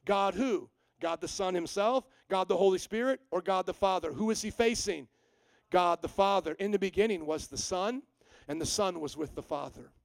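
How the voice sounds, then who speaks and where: Male pastor, emphatic sermon delivery with rhetorical questions; high, resonant voice. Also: moderate pace, gravelly, no echo, poor audio. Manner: emphatic, asks rhetorical questions and answers them.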